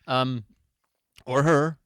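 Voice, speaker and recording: A man's voice: mid-range voice, steady tone, drawn-out words, clear, resonant tone, dry recording, studio quality. A man co-hosting a podcast, bantering in a campy, teasing, mock-grand way. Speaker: podcast co-host.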